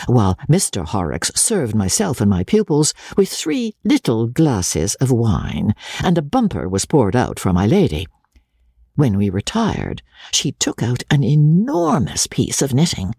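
Gravelly man reading a classic novel aloud. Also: mid-range voice, warm tone, no room sound, clean studio sound. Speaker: reader.

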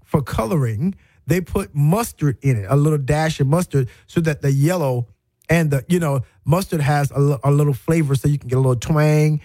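A middle-aged man hosts a radio talk show from a studio, telling stories in an emphatic, folksy way and repeating his points for effect. His voice sits a bit high for a man. The sound is close and dry. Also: darkish tone, dry recording. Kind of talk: storytelling monologue.

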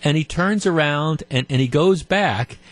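A man's voice: on the high side, measured pace, no echo, soft background music. A man hosting a call-in radio talk show, retelling a story in a conversational way. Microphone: studio microphone.

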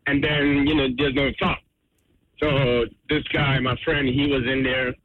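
A man's voice: medium pitch, flat delivery, unhurried, no echo. A man calling a radio show while driving a truck, telling a prank story in a friendly, laughing way. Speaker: caller. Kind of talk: phoned-in storytelling. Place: truck cab on the road. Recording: tinny phone line from a truck.

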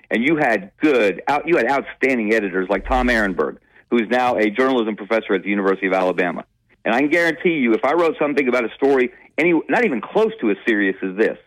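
A man's voice: medium pitch, no echo, rough recording. A middle-aged man, a newspaper columnist, giving earnest, emphatic commentary as a radio guest, often repeating himself to press a point.

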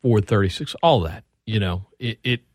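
Low-voiced sports radio co-host, dry sound. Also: male voice, animated, normal speed, no room sound. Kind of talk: casual sports talk.

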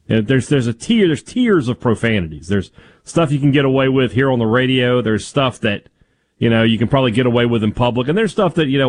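A man co-hosting a radio show, joking with quick asides in casual banter. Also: mid-range voice, expressive, dry recording.

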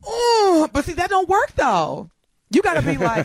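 An animated woman co-hosting a talk radio show, often breaking into laughter as she reads messages from listeners. Her voice sits high and swings widely, with a gravelly fry at the edges. The studio sound is dry and close. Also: unhurried, no room sound. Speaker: radio co-host. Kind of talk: casual talk radio chat.

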